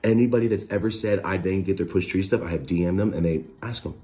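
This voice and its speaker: A man telling a heated story about a falling out, profane and animated, often mimicking the other person. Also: sits low, quick pace. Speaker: online creator recounting a dispute. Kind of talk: heated podcast rant.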